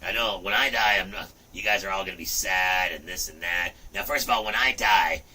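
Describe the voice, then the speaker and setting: A middle-aged man hosting a livestream, talking in a rambling, profane way with loud outbursts. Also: low voice, a little fast, far from the mic, slight background noise. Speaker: livestream host. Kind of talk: rambling casual livestream chat.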